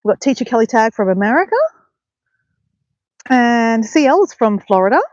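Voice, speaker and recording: A woman's voice: on the high side, lively intonation, normal speed, darkish tone, no room sound, highs cut off. A woman hosting a casual live stream outdoors by a bay, chatting to viewers in an upbeat way. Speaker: livestream host. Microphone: handheld phone.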